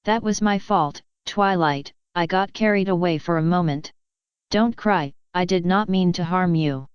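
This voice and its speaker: A woman's voice: fairly low pitch, measured pace, clear, resonant tone, no echo, dull audio, lightly acted. A woman voicing a regal, once-warlike pony princess who speaks formally, in a storybook reading. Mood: soothing. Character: stern warrior pony princess, commanding yet tender.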